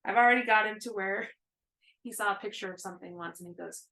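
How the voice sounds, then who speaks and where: Woman, thirties, gravelly fry, casual rambling chat, lots of fillers. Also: mid-range voice, fast talker, sharp tone, rough recording. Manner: rambling, chatty, with many fillers. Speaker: co-host of a cross-stitch video chat.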